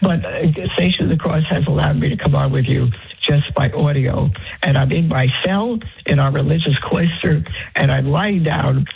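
A nun who is unwell and short of breath makes a halting, pleading fundraising appeal over the phone from her bed. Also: sits low, creaky, husky, soft background music. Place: lying in bed in her convent cell. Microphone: phone line. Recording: tinny phone line.

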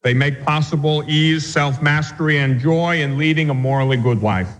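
Priest teaching catechism, slightly high voice. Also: male voice, in a large hall, poor audio. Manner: measured, patient teaching with anecdotes. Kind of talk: catechism lecture.

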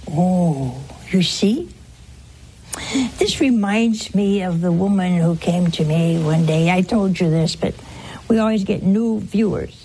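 A woman's voice: on the low side, takes it slowly, mellow, a little hiss or hum. Older lady preacher telling a story, does little voices and whispers, takes her time. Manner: storytelling with acted-out quotes and whispers. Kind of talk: sermon on a gospel parable.

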